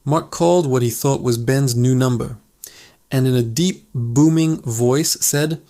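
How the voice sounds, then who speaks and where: A man's voice: medium pitch, unhurried, darkish tone. A man hosting his channel, telling funny stories in an upbeat, conversational narration. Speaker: channel host. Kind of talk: scripted storytelling narration.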